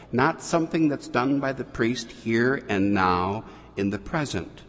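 Male priest, lowish voice, slow measured sermon to children, long church reverb. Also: slight background noise. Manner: slow, deliberate preaching with long pauses.

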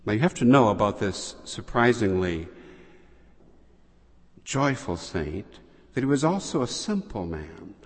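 A man preaching a sermon, telling the story slowly and deliberately with long pauses. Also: on the low side, very animated. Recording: long hall reverb.

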